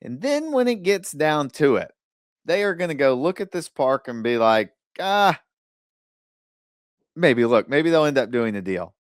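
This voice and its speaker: A man hosting a podcast, giving casual advice in a blunt, animated way with the odd curse word, acting out other people's lines in quick asides. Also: medium pitch, no room sound, clean studio sound. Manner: blunt, animated storytelling with occasional swearing. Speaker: podcast host.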